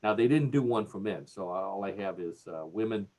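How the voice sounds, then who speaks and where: Joking husky-voiced Cleveland radio host. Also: male voice, fairly low pitch, normal speed, mellow. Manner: jokey, laughs at his own jokes. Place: radio studio.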